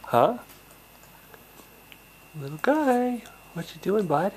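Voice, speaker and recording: A man's voice: high voice, sing-song, takes it slowly, a little hiss or hum, poor audio. A young man, a parent, narrating a home video in cooing baby talk with little gasps.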